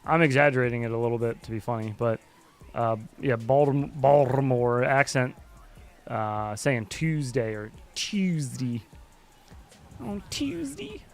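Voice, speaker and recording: Guy hosting a drone sim stream, just rambling and cursing, some quiet music in the back. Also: medium pitch, measured pace. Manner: rambling and loose, swearing often. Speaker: livestream host. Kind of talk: casual chat while flying a drone simulator.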